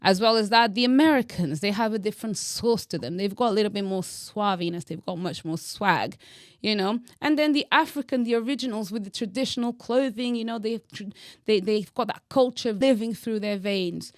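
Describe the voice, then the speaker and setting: A young woman vlogger from Angola delivers her opinions with bold, teasing flair and dramatic emphasis. Her voice sits in an everyday middle pitch. The sound is dry and close. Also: a little fast, dry recording. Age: young adult. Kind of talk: opinionated direct-to-camera monologue.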